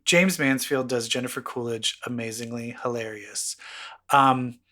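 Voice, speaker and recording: A man co-hosting a podcast, recounting gossip in an animated casual chat, acting out quotes and swearing freely. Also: mid-range voice, a little slow. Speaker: podcast co-host.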